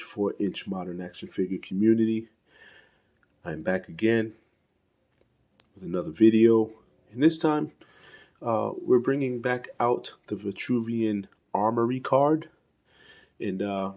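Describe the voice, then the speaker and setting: A man's voice: fairly low pitch, dark tone. A man casually reviewing an action figure, rambling with many fillers and restarts and stumbling over names he can't pronounce. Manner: self-deprecating, fumbles pronouncing names. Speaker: toy reviewer. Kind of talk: casual unscripted toy review.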